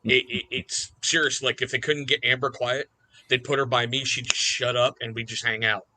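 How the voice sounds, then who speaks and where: A man's voice: mid-range voice, little pitch movement, normal speed, bright, forceful tone, low-quality recording. A man who is a podcast guest, openly telling heartfelt personal stories in casual conversation. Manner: open, heartfelt storyteller. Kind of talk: casual storytelling.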